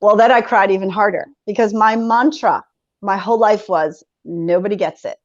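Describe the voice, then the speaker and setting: A lively woman in her forties shares a personal story as a podcast guest, breaking into laughter and playing out her own old reactions. Her voice sits at a middle pitch. The sound is dull and lo-fi, with a dry room. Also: normal speed, no room sound. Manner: animated, laughs often, acts out her own past reactions.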